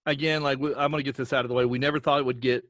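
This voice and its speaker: A man chatting as a guest on a podcast, telling stories in an animated, rambling, self-deprecating way. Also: medium pitch, racing, dry recording, clean studio sound. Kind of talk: casual interview chat.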